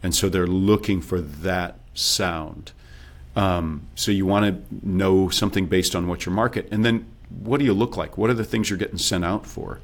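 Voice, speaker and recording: A man with a very low voice, speaking as a guest coach in a relaxed interview. He explains his advice step by step and sometimes slips into quoted self-talk. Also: normal speed. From based in Texas. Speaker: accent and dialect coach, guest.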